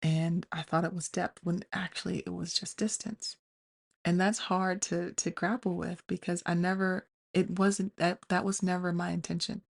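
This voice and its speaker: A woman hosting a podcast, thinking out loud in a candid, confessional way and often restarting her sentences. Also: on the low side, vocal fry. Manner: confessional, self-questioning, many restarts; addresses listeners as "y'all". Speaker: podcast host. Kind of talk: candid personal monologue.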